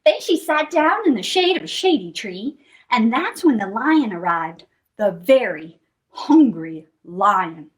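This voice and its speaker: A woman hosting a children's storytime, reading a picture book aloud with expressive, sing-song storytelling. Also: high voice, normal speed.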